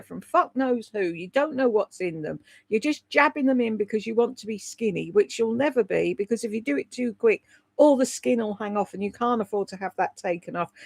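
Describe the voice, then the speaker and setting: A woman's voice: fairly high pitch, vocal fry, dry recording. A woman hosting a livestream, gossiping bluntly, swearing freely and answering viewers' comments by name. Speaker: livestream host. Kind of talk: casual gossip chat reading viewer comments.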